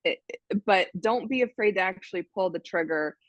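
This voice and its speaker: Speaking at a normal speed in a mid-range voice, this American interview guest, who belongs to a dating site, tells stories over a video call with lots of restarts. Her casual chat comes through as a dry, dull, lo-fi recording.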